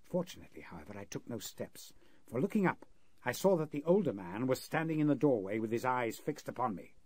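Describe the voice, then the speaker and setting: Earnest interpreter narrating, husky voice, lively pitch, dry close sound, 1930s radio play. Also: male voice, a little fast, dry recording. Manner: earnest, vivid storytelling. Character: earnest male interpreter recounting a frightening ordeal.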